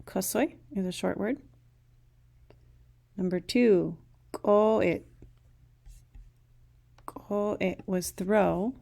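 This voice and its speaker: Woman language teacher, patient, very slow, gravelly. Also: mid-range voice, dark tone. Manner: patient, repeats each word twice. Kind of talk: recorded language lesson.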